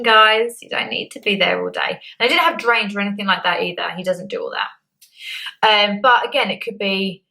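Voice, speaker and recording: Bright, chatty young woman. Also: mid-range voice, vocal fry, low-quality recording. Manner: chatty and candid, acts out quotes. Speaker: beauty vlogger. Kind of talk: casual chat to camera.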